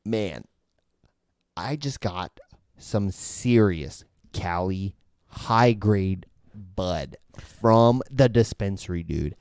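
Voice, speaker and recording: A man putting on the voice of a laid-back California stoner surfer, in a slow, drawling, slangy way. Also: low voice, expressive, a little mellow, no room sound, clean studio sound, full character voice.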